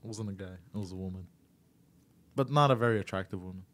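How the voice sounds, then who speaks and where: A man's voice: fairly low pitch, fast, a bit bright. A man co-hosting a comedy podcast, rambling through stories with lots of laughing and "bro.". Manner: rambling, laughing storyteller, says bro a lot. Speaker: podcast co-host. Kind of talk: casual comedy podcast chat.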